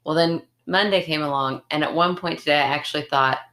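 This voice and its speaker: A woman in her thirties co-hosts a podcast in easy casual chat. She tells stories with lots of laughter and plays out what others said. Her voice sits a little low. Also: fairly quick, fairly bright tone. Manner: chatty storyteller, laughs often, acts out quotes. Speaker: podcast co-host.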